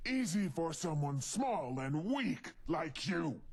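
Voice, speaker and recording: An actor playing a hulking, angry male mutant brute in a video game, who talks bluntly in broken grammar with a gravelly, husky voice. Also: a little high, big pitch swings, full character voice. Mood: demanding. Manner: blunt, threatening, slow and heavy.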